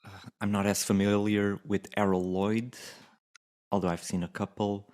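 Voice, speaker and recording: A man co-hosting a casual film-review podcast. He speaks in a relaxed, thoughtful way and often restarts his sentences. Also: fairly low pitch, moderate pace. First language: Portuguese. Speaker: podcast co-host.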